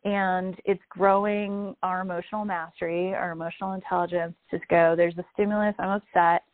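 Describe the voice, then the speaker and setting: A woman with a slightly low voice gives a calm, reflective talk on emotions and awareness. Her voice comes through tinny and phone-like. The sound is dry and close, with no room echo. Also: a little fast. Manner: calm, reflective, gently explanatory. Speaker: guest speaker. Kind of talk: spiritual wellness talk.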